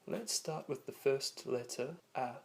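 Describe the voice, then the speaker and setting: A man teaching a lesson, narrating from a script and slowly demonstrating vowel sounds. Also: mid-range voice, vocal fry.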